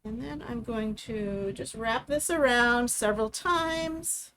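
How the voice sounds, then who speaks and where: A woman's voice: fairly high pitch, slow pace, bright, forceful tone, a little hiss or hum. Chatty woman demonstrating a craft. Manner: chatty step-by-step explaining. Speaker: craft host.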